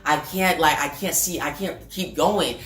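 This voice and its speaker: A woman's voice: sits low, measured pace, fairly bright tone. A woman reading the lines of a strained male masked hero in her own voice, in an echoey room with faint music.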